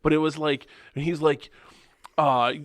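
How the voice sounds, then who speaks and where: Man, podcast co-host, casual movie chat, rambling with lots of "like", slightly high voice, dry close mic. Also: level tone, unhurried, no room sound. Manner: loose, rambling retelling full of "like".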